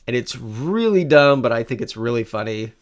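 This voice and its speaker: A man chats casually as a podcast co-host, walking through a movie scene. He talks in an animated, rambling way, jumping up in pitch for emphasis and restarting his sentences. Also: normal speed. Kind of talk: casual chat.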